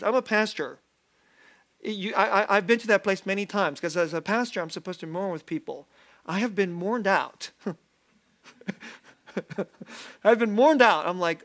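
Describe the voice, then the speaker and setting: High-voiced lively male pastor. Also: normal speed. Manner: lively, self-deprecating, laughs often. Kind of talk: sermon. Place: church sanctuary.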